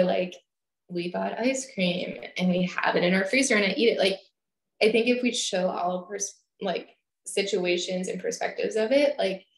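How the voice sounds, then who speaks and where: A woman's voice: mid-range voice, reverberant, low-quality recording. A young woman and fitness coach, chatting on a casual business call and laughing often. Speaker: fitness coach and team leader.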